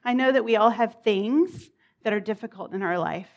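A woman preacher speaks with a fairly high voice. She talks in an informal, chatty way, with laughs and asides. Her tone is friendly and encouraging. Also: normal speed, dull audio. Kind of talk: sermon.

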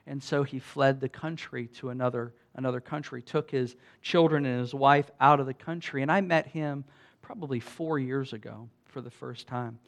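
A man preaching to his church, telling mission stories earnestly with many restarts, rising when excited and dropping to a hush at tender moments. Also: mid-range voice, moderate pace. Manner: earnest, animated storyteller, fillers and restarts, softens to a hush. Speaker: pastor. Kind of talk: sermon storytelling.

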